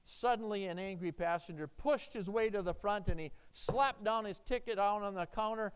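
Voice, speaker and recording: Male pastor, earnest sermon delivery, fairly high smooth voice. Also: moderate pace, hardly any pauses. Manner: emphatic, earnest, animated storytelling.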